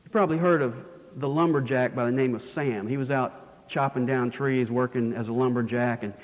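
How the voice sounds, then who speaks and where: A man's voice: mid-range voice, fairly even intonation, moderate pace, big-room sound. A man preaching a sermon in a storytelling manner, his voice rising and falling for emphasis. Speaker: pastor.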